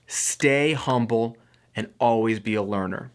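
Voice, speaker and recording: A man's voice: medium pitch, normal speed. A man hosting an audio mixing lesson, talking in an enthusiastic, conversational way with playful asides. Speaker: audio engineering educator. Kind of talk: casual talking-head lesson.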